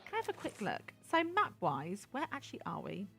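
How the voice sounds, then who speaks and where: A woman's voice: mid-range voice, wildly swooping pitch, brisk, creaky, a bit bright. A woman hosting a gaming channel, chatting and giggling to herself as she plays. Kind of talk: game playthrough commentary.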